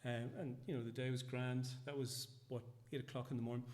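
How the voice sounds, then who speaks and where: A man's voice: mid-range voice, flat delivery, fairly quick, a little mellow. A man preaching a sermon, telling a family story and acting out the dialogue. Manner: storytelling, acts out dialogue, frequent restarts. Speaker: pastor. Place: church.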